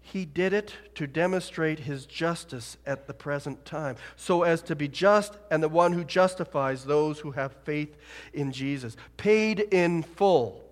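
A man preaching a sermon in a church, dramatic, dropping to a hush and rising loud. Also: on the high side, measured pace. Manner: dramatic, swings from hushed to loud. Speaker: pastor. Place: church sanctuary. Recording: long hall reverb.

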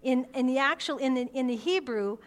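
A woman preaching a sermon in an earnest way, building to forceful emphasis, with frequent restarts. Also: sits high, a little fast. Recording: long hall reverb.

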